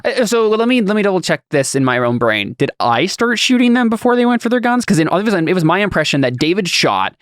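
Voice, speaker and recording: A man's voice: sits high, big pitch swings, quick pace, hardly any pauses, dry recording, studio quality. A man playing in a tabletop role-playing game, describing his character's actions in a stumbling way and repeating words. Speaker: player.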